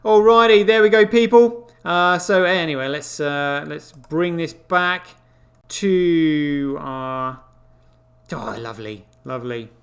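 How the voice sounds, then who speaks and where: A man's voice: on the high side, steady tone, takes it slowly. A man hosting a crypto show, giving casual, incredulous running commentary on what he sees on screen, with frequent exclamations. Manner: exclaiming, incredulous, swearing asides.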